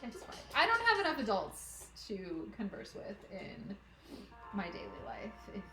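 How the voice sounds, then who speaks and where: A woman's voice: mid-range voice, huge pitch swings, unhurried, reverberant, over music. A woman chatting casually on a live stream while she cross-stitches, often talking to her pets. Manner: chatty, talks to her pets in a cooing baby voice.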